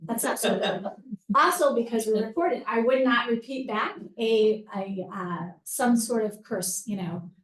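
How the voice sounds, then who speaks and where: A woman's voice: a little high, a little slow, far from the mic. Woman lecturer in an echoey room. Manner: practical and direct, addresses audience as "you guys". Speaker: crisis negotiator giving a legal training talk. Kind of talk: instructive presentation talk. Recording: roomy echo, voice from off-mic.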